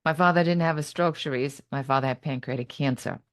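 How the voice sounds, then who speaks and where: A middle-aged woman speaks in a low, dry-sounding voice as a podcast guest. She tells her story dramatically and voices her own past thoughts as if reliving them. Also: brisk, no echo. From Germany. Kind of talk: personal story told in conversation.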